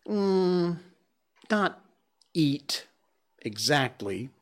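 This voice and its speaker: A storyteller man gives voice to a fierce young mongoose from a storybook, brisk and impatient with his friends. His delivery is slow and deliberate, yet the pitch swings widely. He is set on a fight and wastes no words. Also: big pitch swings, full character voice. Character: brave young male mongoose, fierce and practical.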